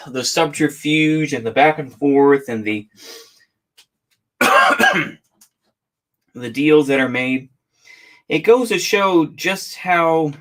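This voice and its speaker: A man reading a memoir aloud in a relaxed, halting way, pausing to fix his misreadings and add casual asides. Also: on the high side. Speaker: audiobook reader.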